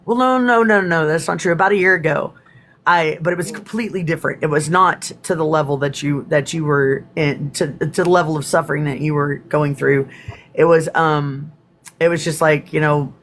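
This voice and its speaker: A woman's voice: low voice, fairly even intonation, normal speed. A woman with a Texan accent hosting a casual live stream, chatty and rambling, with casual swearing. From Texas.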